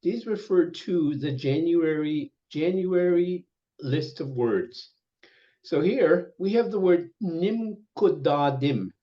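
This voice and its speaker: An older man teaching an online language lesson, speaking slowly and patiently and repeating each word several times over a video call. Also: on the high side, dark tone. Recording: dull lo-fi webinar audio.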